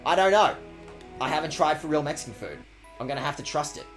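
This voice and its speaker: A man talks his way through a video game in a loose, joking ramble, cursing now and then. His pitch sits a bit high and swings a lot. Quiet game music plays underneath. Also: expressive, fast talker. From Australia. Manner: playful, rambling, swears freely. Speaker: streamer. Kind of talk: casual game-stream commentary.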